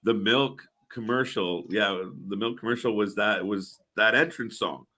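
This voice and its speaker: A man's voice: fairly low pitch, unhurried, sharp tone. A man from Canada co-hosting a wrestling watch party, rambling with laughs. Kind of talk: casual chat.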